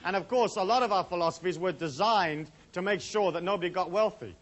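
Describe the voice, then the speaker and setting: A man's voice: high-pitched, brisk, a bit bright. A man giving a casual lecture to a live audience, rambling and chatty with many asides. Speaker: seminar speaker.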